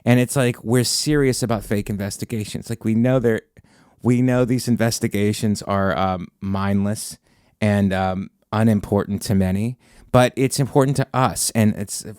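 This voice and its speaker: Low-voiced rambling male podcast host. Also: fairly even intonation, normal speed, a little mellow, smooth, no echo, clean studio sound. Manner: rambling, self-interrupting, sarcastic. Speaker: podcast host and stand-up comedian. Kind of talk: casual podcast chat.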